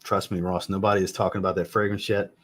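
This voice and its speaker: Casual, low-voiced man chatting on a livestream. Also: little pitch movement, fast talker. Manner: blunt, joking, swears casually. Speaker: fragrance reviewer hosting a live chat. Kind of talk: casual livestream chat answering viewers. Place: home room with a fragrance shelf.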